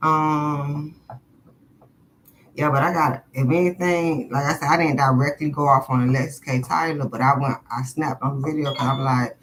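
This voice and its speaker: With a low voice, fairly even intonation, and moderate pace, a woman reads tarot live and chats profanely and bluntly with viewers, laughing often between questions. The recording is low quality, with slight background noise.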